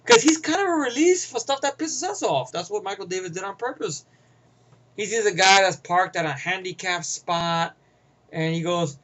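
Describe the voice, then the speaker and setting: A man's voice: high voice, expressive, moderate pace, a bit bright, rough recording. A young man casually reviewing a movie, rambling, restarting sentences and acting out lines from the film. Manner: rambling, laughs often, restarts and repeats words; acts out movie lines in character.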